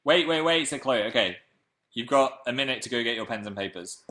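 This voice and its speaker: A man's voice: medium pitch, animated, fairly quick, sharp tone. Chatty young man live-streaming. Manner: chatty, playful, reads out viewer comments. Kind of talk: casual live-stream chat.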